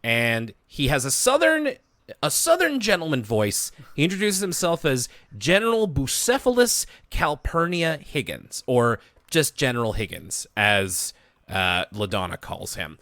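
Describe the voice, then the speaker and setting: A man's voice: medium pitch, very animated, measured pace, a bit bright, dry recording, studio quality. A man co-hosting a podcast, casually recapping a cartoon episode in detail. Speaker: podcast co-host.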